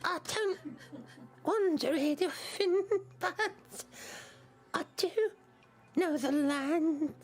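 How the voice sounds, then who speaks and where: A game master voicing an eerie old woman who talks in a slow, drawn-out, mysterious way. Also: very high voice, voice pushed up, heavily acted. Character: strange old woman rocking in a wicker chair.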